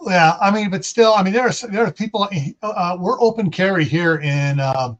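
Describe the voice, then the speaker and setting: A man's voice: high-pitched, normal speed. A man hosting a casual livestream, chatting in a rambling, folksy way. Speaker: livestream host. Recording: dull lo-fi stream audio.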